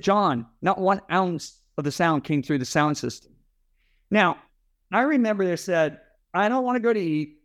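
Emphatic man telling a dramatic story. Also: sits high. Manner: dramatic, emphatic preacher-like storytelling with quoted dialogue. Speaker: interview guest, Christian author and speaker. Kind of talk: animated storytelling.

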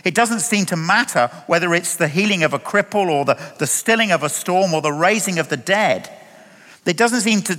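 A man preaches with a high, bright voice that rises and falls dramatically. He leans into emphatic rhetorical questions. Long reverb from the hall trails behind every phrase. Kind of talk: sermon.

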